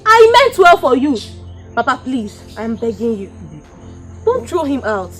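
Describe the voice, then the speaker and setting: A woman's voice: high voice, very animated, unhurried, fairly bright tone, soft background music, full character voice. An actress playing a daughter pleading for her brother, with a Nigerian accent.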